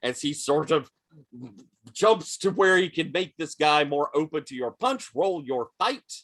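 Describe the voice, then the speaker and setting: A man narrating as game master of a tabletop role-playing game, with a loose, filler-heavy delivery. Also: a little high. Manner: unhurried, lively narration with many fillers.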